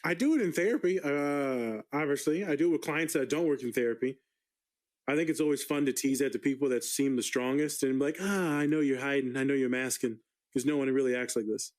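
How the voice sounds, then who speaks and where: A man's voice: mid-range voice, fast talker, a little mellow, rough recording. Candid, joking male therapist on a podcast. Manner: candid, profane, playful. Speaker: therapist guest. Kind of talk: casual podcast chat.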